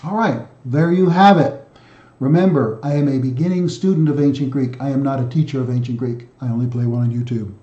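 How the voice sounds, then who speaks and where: A man's voice: medium pitch, warm tone. Man chanting ancient word endings, echoey. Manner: halting, self-correcting explanations between chanted drills. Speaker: self-taught language video host. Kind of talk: recorded lesson reciting word endings. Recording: echoey room, dull sound.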